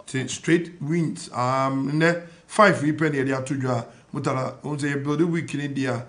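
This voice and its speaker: Man, Ghanaian accent, mid-pitched voice, radio panel, reads fixtures and predictions in a list. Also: fairly even intonation, moderate pace, fairly bright tone. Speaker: sports panellist. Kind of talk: reading betting tips on radio.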